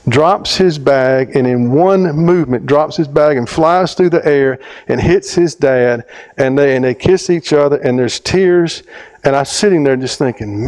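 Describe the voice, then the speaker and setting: A man from America preaching as an earnest storyteller, stretching key words and pausing for emphasis. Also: fairly high pitch, a little mellow, rough recording. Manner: earnest, emphatic storyteller with slowed dramatic pauses. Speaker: speaker at a theology conference. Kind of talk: storytelling sermon.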